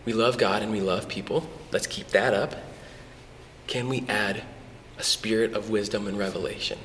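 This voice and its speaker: Animated pastor in an echoey hall. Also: male voice, on the low side, normal speed, slight background noise. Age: adult with a son. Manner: conversational, animated, with restarts. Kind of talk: sermon. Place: church hall. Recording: echoey church hall with long reverb.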